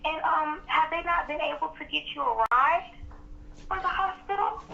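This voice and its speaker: A woman working as a phone sales agent, giving an effusive, flattering sales pitch. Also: moderate pace, vocal fry, distant mic. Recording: tinny phone line with faint noise.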